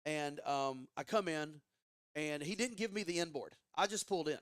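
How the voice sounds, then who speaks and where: A man guest on a podcast telling a story in a casual, animated way, swearing often and restarting his sentences. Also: on the high side, normal speed, smooth, dry recording, clean studio sound. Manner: animated, profane, frequent restarts. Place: studio.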